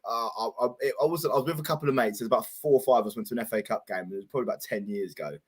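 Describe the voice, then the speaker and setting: A man's voice: medium pitch, racing, slightly rough. Teasing young man, says mate. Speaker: co-host. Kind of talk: casual banter chat.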